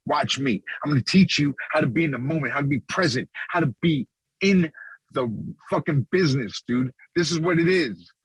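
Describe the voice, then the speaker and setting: A man's voice: a little high, normal speed, husky, no room sound, low-quality recording. A man co-hosting a podcast, talking in a fired-up, profane, preachy way. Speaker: podcast co-host. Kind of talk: casual podcast chat.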